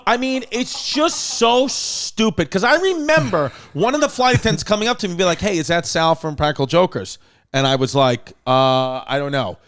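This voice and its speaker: A man co-hosting a podcast, telling a story in a lively, casual way, acting out the quotes and laughing. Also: high voice, moderate pace, few pauses. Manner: lively, acts out quotes, laughs while talking. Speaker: podcast host.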